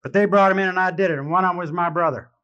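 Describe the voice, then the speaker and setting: A man giving a live personal testimony speech at a convention, wry and self-mocking, growing halting and emotional with many restarts. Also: sits high, bright, forceful tone. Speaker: speaker sharing his recovery story. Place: convention hall. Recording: dull lo-fi archival recording.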